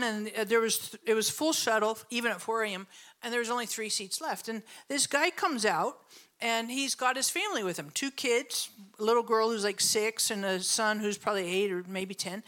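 A middle-aged woman pastor giving a conversational sermon, telling stories with lots of laughter and asking the audience questions. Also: a little high. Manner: storytelling, animated, laughs often, asks the audience questions.

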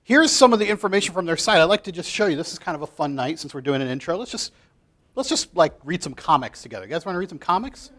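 A man leading a Bible study group in a chatty, animated way, full of filler "like"s, as he reads comics aloud. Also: on the high side, fast talker. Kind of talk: casual group talk, reading comics aloud.

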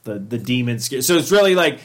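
A man's voice: mid-range voice, big pitch swings, fairly quick. Rambling man in casual movie chat. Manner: rambling, filler-heavy, profane.

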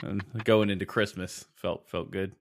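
A man's voice: low-pitched, fairly even intonation, normal speed. A man telling a long story in casual podcast chat, rambling and laughing as he goes. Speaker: podcast host.

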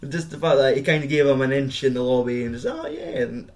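A young man with a medium-pitched, steady, slightly mellow voice talks fast as he co-hosts a podcast. He chats casually about a film, rambling, swearing, and laughing often.

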